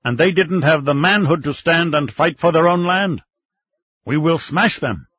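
A man doing a booming, stubborn old marshal. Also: unhurried, breathy edge, dull audio. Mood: booming insistent. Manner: blustering, insistent. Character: defense minister, a stubborn, booming older male marshal.

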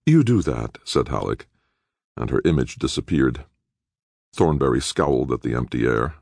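A man reading an audiobook as narrator in a measured storytelling way. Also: a bass voice, creaky, darkish tone, breathy edge, no echo, studio quality. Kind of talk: scripted narration.

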